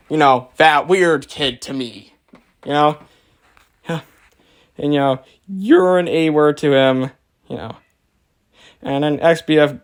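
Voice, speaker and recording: A man hosting a commentary video, reading out comments and mocking them in a rambling, filler-heavy way, laughing at his own jabs. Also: on the high side. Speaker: channel host reacting to comments.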